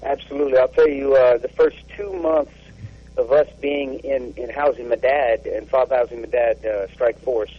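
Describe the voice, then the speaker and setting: A man, an army officer, recounting a deployment in a radio interview, halting with many fillers and restarts. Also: medium pitch, expressive, gravelly, husky. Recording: dull lo-fi radio sound.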